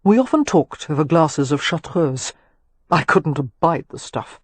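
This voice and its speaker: A woman narrator voicing a confident, wry young gentleman architect who teases and reflects. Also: on the high side, big pitch swings, unhurried, slightly rough, dry recording, heavily acted. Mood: teasing.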